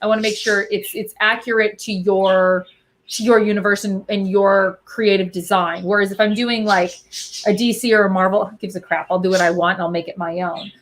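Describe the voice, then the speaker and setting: A woman's voice: medium pitch, fairly even intonation, brisk. A woman guest chatting casually and bubbly, answering viewer questions about cosplay. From Albuquerque. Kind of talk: casual chat.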